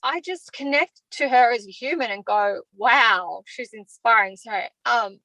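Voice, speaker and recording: Answering interview questions, this Australian woman, recently evicted from a reality show, talks candidly and heartfeltly about how she feels. Her sharp voice sits on the high side, and she takes her time. The low-quality recording has no audible room sound.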